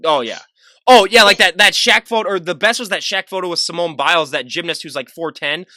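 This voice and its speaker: A man's voice: high-pitched, fairly quick, sharp tone, no echo, clean studio sound. A man hosting a podcast, chatting casually with an upbeat, rambling manner. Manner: upbeat, rambling, laughs easily. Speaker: podcast host. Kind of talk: casual interview chat.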